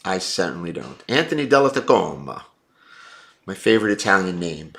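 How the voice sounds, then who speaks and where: A man's voice: sits low, big pitch swings, moderate pace, gravelly, a bit bright. A man hosting a livestream, reading viewer comments and giving blunt, opinionated takes. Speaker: livestream host.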